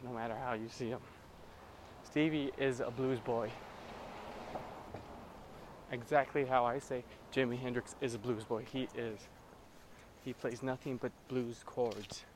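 A man's voice: mid-range voice, noisy background. A man hosting a casual solo podcast, rambling with lots of swearing about music and daily annoyances. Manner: profane, rambling, scats and sings improvised blues. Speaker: podcast host.

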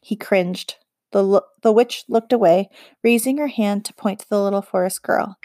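A woman's voice: mid-range voice, normal speed, mellow, dry recording, clean studio sound. Woman reading an audiobook aloud. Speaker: audiobook reader. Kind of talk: audiobook narration.

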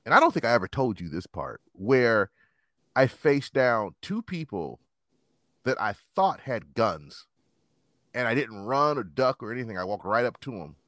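A man in his thirties telling rough stories in casual chat, swearing and acting out quotes in a higher voice. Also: moderate pace, no echo, studio quality. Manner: animated storyteller, swearing, acts out quotes in higher voice.

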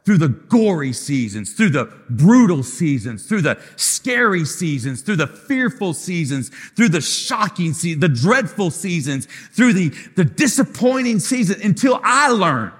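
A man's voice: high-pitched, very animated, measured pace, few pauses, breathy edge. A man preaching as lead pastor in a live sermon, with impassioned, repetitive phrases that swell into sung lines. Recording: long hall reverb.

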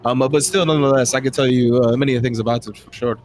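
A man's voice: medium pitch, fairly even intonation, fast, darkish tone, a little hiss or hum, close to an everyday voice. A man voicing a cheerful female gnome blacksmith in a tabletop game, talking in a hesitant way full of fillers. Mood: helpful. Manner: chatty, hesitant, filler-heavy. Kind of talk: tabletop role-play voicing.

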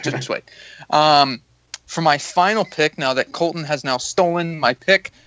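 A man's voice: on the high side, measured pace, bright, forceful tone. A man in casual banter with friends, talking passionately and defensively, with frequent fillers.

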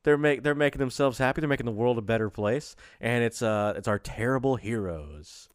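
A man's voice: medium pitch, brisk, clean tone, dry recording, clean studio sound. A man co-hosting a podcast in a casual, jokey chat, laughing often and rambling through his stories. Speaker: podcast co-host.

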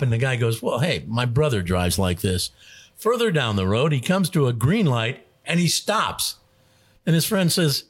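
A man's voice: medium pitch, moderate pace, slightly rough. A man hosting a radio show, telling jokes in a casual, chuckling way. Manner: animated joke-telling with voices and chuckles. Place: radio studio.

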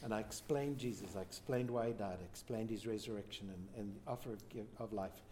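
A man, a pastor, telling a church testimony as a lively storyteller who acts out the quoted lines. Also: lowish voice, brisk, slight background noise. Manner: animated storyteller, voices quotes.

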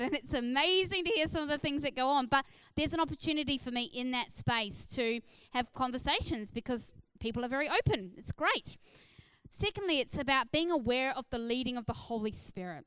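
A woman delivers a sermon in a high, bright-toned voice, earnest and encouraging. She drops in "uh" fillers often as she builds her points. The sound is close and dry, with no room echo. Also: animated, brisk, clear, resonant tone. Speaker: preacher.

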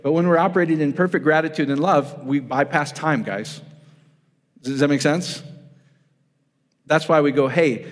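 A man delivers a relaxed, conversational sermon, peppering it with quick questions to the congregation. His voice sits a bit high for a man. The sound rings out with a long reverb from the church hall. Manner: casual, asks the audience questions, addresses them as guys. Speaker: pastor.

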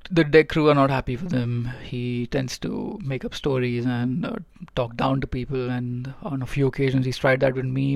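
A man's voice: medium pitch, creaky, darkish tone, no room sound, studio quality. A man who works as a ship's engineer, telling stories from aboard in a rambling, casual way with many fillers and restarts. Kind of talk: casual storytelling vlog. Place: aboard a ship.

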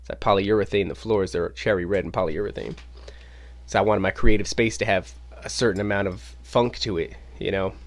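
A man hosting his own podcast, telling a casual story in an animated way and swearing freely. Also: fairly low pitch, brisk. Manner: animated, acts out quoted voices, swears casually. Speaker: podcast host. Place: home podcast studio.

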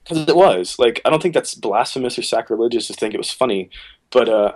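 A worship leader on a podcast casually tells a long story, acting out what people said with sudden jumps in pitch. He talks fairly quickly in a relaxed storytelling style, and the recording is rough.

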